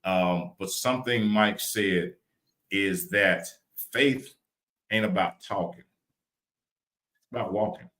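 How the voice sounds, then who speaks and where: A man from Louisiana, co-hosting a live podcast chat in an animated, preachy way, often repeating words. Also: lowish voice, slow, long pauses. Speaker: podcast co-host. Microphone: video call.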